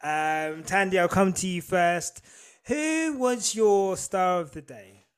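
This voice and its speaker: A man co-hosting a casual podcast with a slightly raised pitch. He talks in animated bursts and laughs easily between thoughts. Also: clean tone. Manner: animated, laughs often, fast asides. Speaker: podcast co-host. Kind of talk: casual chat.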